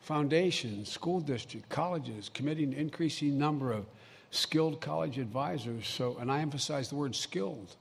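A man's voice: on the high side, lively intonation, moderate pace, gravelly, few pauses, husky. An older man giving a folksy, emphatic public speech full of personal stories. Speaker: vice president giving a speech. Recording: long hall reverb, faint ambient noise.

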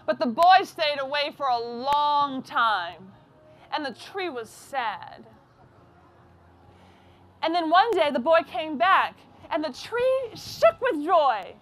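A woman reading a children's story aloud in a soft, deliberate way. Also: high voice, big pitch swings.

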